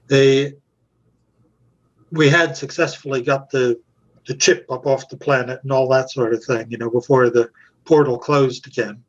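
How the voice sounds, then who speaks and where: A man's voice: mid-range voice, normal speed, muffled recording. Chuckling older male storyteller. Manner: animated, chuckling raconteur who acts out quotes. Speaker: guest actor and puppeteer. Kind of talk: anecdotal storytelling in an interview.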